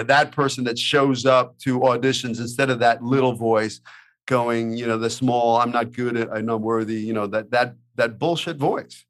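A man's voice: mid-range voice, a bit bright. Earnest motivational man, filler-heavy. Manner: earnest, motivational, many "you know" fillers. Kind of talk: casual podcast chat.

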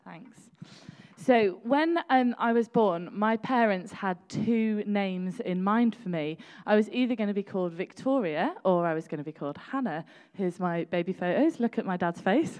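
A woman in her thirties giving a chatty sermon, with laughing asides and lively storytelling. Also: mid-range voice, moderate pace. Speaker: preacher.

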